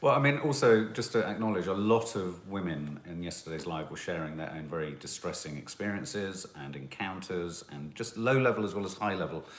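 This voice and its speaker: A man co-hosting a casual chat, speaking in a measured, halting way with restarts. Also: low voice, expressive. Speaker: co-host of a family talk channel. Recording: roomy echo.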